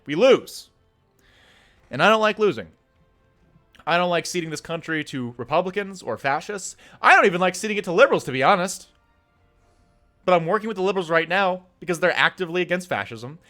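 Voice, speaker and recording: A young man delivers a fired-up political rant as a streamer, cursing freely and pushing his point hard. His voice sits high for a man and comes across bright and forceful. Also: expressive, normal speed, pauses often, faint music behind. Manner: heated, swearing, pleading.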